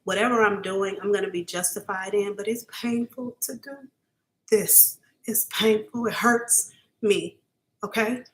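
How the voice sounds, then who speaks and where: An earnest woman reads for her viewers on a live stream, her voice sitting at an ordinary mid pitch for a woman. She talks casually but with heavy emphasis and keeps checking in with the audience. She is openly emotional and at times close to tears. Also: fairly even intonation, unhurried. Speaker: psychic reader. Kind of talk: live-stream psychic reading, talking to viewers.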